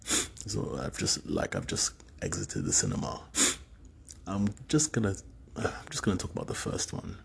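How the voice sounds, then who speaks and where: A man's voice: very deep voice, wildly swooping pitch, moderate pace, creaky, a little hiss or hum. A man in his thirties from the UK, musing alone in a rambling, hesitant way with many fillers. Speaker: solo speaker recounting dreams. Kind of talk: casual monologue.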